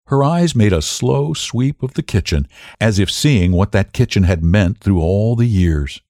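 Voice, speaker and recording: A man reading a literary story aloud in a measured, expressive way. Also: lowish voice, no room sound, clean studio sound. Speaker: narrator.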